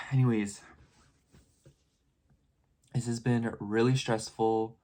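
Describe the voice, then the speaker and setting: A man's voice: medium pitch, level tone, takes it slowly, darkish tone. A young man telling a story in a casual vlog, rambling and filling his talk with "like" and "you know". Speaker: vlogger.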